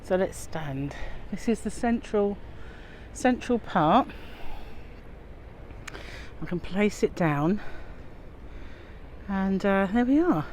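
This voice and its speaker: A mid-range, darkish voice comes from an English woman filming a casual walking vlog on her phone as she crosses a windy river bridge. Animated but slow, she pauses often, breathes a bit hard, and rambles with many fillers while wind and aircraft sound behind her.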